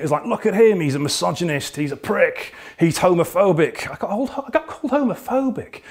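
Male podcast host, indignant rant, fairly high voice, swings widely in pitch, swears a lot. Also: a little mellow. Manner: exasperated, indignant, swears freely.

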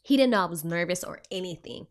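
A young woman who works as a clinician and hosts a podcast, telling a story in a casual, expressive way and acting out her own thoughts. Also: lowish voice, fast. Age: young adult.

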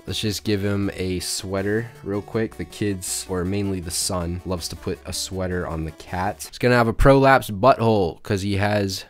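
Rambling sick man doodling on stream. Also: low-pitched. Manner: rambling, jokey, talks to chat. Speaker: YouTube drawing creator. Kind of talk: casual drawing commentary.

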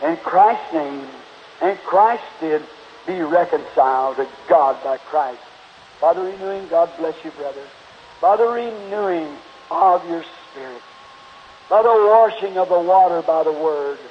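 Speaking unhurriedly in a fairly high voice, a man makes an earnest altar call to the congregation at a church meeting and then closes in prayer. The recording is dull 1950s lo-fi tape, lightly hissy.

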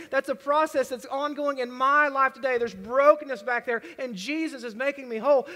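High-voiced earnest male pastor preaching. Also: bright, forceful tone. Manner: conversational, earnest preaching with acted prayers. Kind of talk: sermon. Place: church worship center. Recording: long reverb of a church hall.

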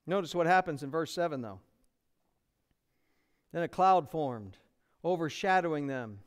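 An American man preaching from the pulpit, working through a passage verse by verse with earnest energy. His voice sits high and rings smooth and clear. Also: expressive, measured pace. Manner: earnest expository preaching, acting out quotes. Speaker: pastor. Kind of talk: sermon.

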